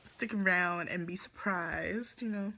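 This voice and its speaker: A woman's voice: on the low side, a little slow, sharp tone. A teenage girl from Jamaica with a Jamaican accent, telling a rambling storytime vlog full of fillers and giggles. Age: teens. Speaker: vlogger.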